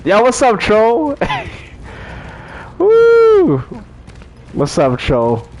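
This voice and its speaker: Laid-back man with a lively voice. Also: high voice, drawn-out words, muffled recording, a little hiss or hum. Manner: laid-back, chatty, laughs often. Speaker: live stream host. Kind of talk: casual livestream chat.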